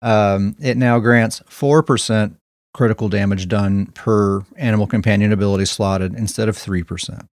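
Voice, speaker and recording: A man's voice: on the low side, fairly even intonation, normal speed, a little mellow, no echo, studio quality. A man hosting a casual gaming podcast, talking through patch notes in an upbeat way. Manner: upbeat, explains game patch details. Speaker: podcast host.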